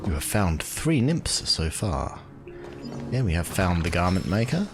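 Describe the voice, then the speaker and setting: A low-voiced man chatting through his game session, his pitch rising and falling a lot as he muses over what he sees. He talks casually and thinks out loud, with soft game music behind him. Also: big pitch swings. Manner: thinks aloud, musing and drawn-out. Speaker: gaming video host. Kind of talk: casual gameplay commentary.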